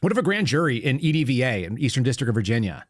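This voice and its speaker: A quick, rapid-fire man in his thirties runs a political commentary show. He talks with a sarcastic edge and tells his stories with plenty of animation. His voice sits at a middling pitch. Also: very animated. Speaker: podcast host.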